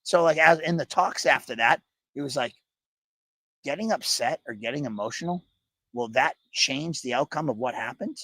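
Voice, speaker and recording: A man's voice: medium pitch, normal speed, a bit bright, breathy edge, dry recording. A man co-hosting a casual chat show, telling stories and sharing life lessons with frequent swearing. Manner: profane, storytelling, reflective. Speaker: podcast co-host.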